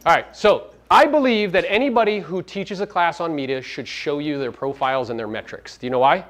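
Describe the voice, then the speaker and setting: A real estate coach and podcast host works a seminar crowd, brash and foul-mouthed, hurling rhetorical questions at the room. He moves briskly and alternates between loud punchlines and quiet asides.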